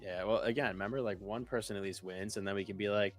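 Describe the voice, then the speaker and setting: A man's voice: lowish voice, rapid-fire, hardly any pauses, breathy edge, faint music behind. A young man co-hosting a live trading stream, joking and swearing in loose trader slang. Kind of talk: casual live trading chat.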